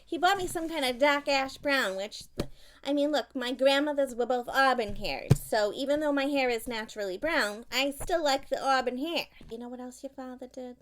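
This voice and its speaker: A woman's voice: sits high, normal speed, a bit bright, a little hiss or hum. A woman playing an opinionated, gossipy mother who rambles and complains to her grown child on the phone in a comedic monologue. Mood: gossipy complaining.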